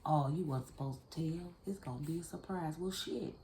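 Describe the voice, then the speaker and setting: A woman with a deep, low voice gives a casual tarot reading and talks bluntly and profanely straight to whoever is listening. She sounds like she is in a bare, echoey room, and a faint hiss sits under her voice. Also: moderate pace, mellow. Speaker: tarot card reader. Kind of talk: casual spiritual card reading.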